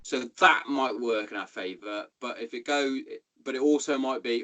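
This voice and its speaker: A man in his thirties with an English accent, hosting a podcast in casual, sweary, animated chat. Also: medium pitch, normal speed, poor audio. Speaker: podcast host.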